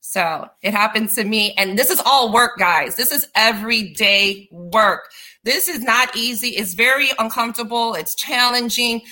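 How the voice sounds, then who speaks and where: Bright-voiced woman giving earnest encouragement. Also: on the high side, moderate pace. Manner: earnest, repetitive restarts, preachy encouragement. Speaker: guest. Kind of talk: motivational casual chat.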